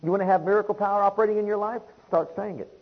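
A man's voice: high voice, fairly even intonation, rapid-fire, breathy edge, narrow, tinny audio. A man preaching a sermon in emphatic, rhythmic declarations, repeating phrases and building them up.

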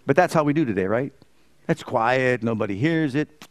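A man's voice: medium pitch, expressive, moderate pace, pauses often. A man preaching a sermon as pastor, asking the congregation rhetorical questions and rising in emphasis.

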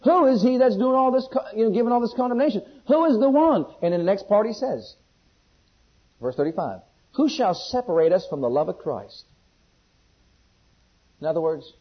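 A man with a somewhat high, husky voice preaches a sermon. He swings between loud, ringing questions from scripture and soft, close pleading, and asks the congregation to answer him. The recording is dull and lo-fi. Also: lively intonation, fairly quick. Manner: call-and-response questions to the congregation.

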